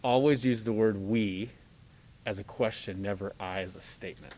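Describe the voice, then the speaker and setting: A man's voice: fairly low pitch, normal speed, a little mellow. A middle-aged man coaching a student conductor at a band rehearsal, direct and joking, talking through examples. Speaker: conducting clinician.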